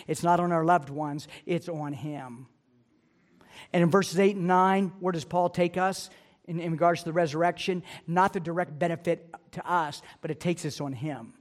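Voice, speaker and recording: A male pastor delivers a sermon in an earnest, emphatic manner. His voice sits fairly high for a man. He circles back to key phrases again and again to press each point home. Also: darkish tone.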